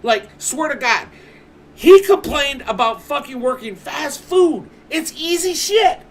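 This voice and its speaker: A man's voice: very high voice, animated, measured pace. A man streaming from home, telling a story in casual chat, swearing constantly and ranting with animation.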